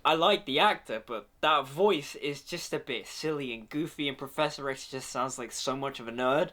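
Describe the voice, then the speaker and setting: A man's voice: medium pitch, a bit bright. Chatty, opinionated young male reviewer. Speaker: video reviewer. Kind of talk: casual review vlog.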